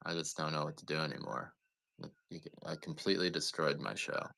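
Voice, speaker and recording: Low-voiced man rambling on a live sale. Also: a little fast, vocal fry, pushed and bright. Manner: rambling, joking, swears casually. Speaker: live-stream seller. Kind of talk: casual live-sale chat.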